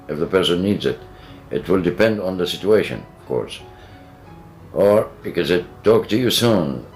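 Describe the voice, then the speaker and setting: A low-pitched male English teacher narrates a lesson. He reads example questions and phrases aloud in a measured, instructional way. Soft music plays faintly underneath. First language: Arabic.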